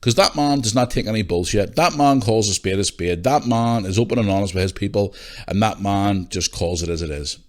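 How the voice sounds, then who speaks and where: A man's voice: on the low side, a little fast. Man, podcast host, casual rant, blunt, swears a lot.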